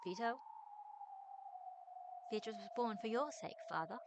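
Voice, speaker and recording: A woman's voice: a little high, measured pace, vocal fry, noisy background. Woman reading as a meek, formal young witch. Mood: devoted. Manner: soft, overly polite and formal. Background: background music.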